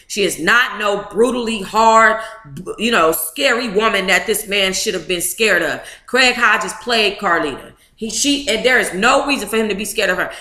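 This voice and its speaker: A woman's voice: medium pitch, pushed and bright, roomy sound. A woman reading a memoir aloud to a live book club chat, emotive and blunt, with profane asides.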